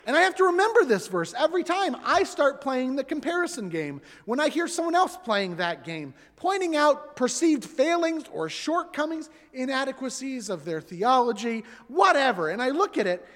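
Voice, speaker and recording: Animated man preaching in an echoing hall. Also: extremely high pitch, normal speed, few pauses. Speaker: pastor. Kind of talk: sermon. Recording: long hall reverb.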